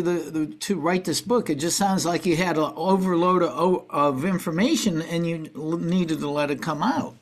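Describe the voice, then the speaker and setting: A man hosting an interview podcast turns to his guest's book. His voice sits slightly high for a man, and he speaks warmly, stumbling a little over his words. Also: moderate pace, few pauses. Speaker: podcast host. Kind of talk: interview questions.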